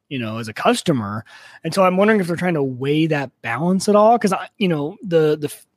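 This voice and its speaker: A man co-hosts a casual podcast with a slightly raised pitch. He speaks in an easygoing, conversational way, full of fillers and restarts. His voice sounds dry and close to the mic. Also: fast, no echo. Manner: relaxed, conversational, filler-heavy. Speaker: podcast co-host. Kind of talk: casual chat.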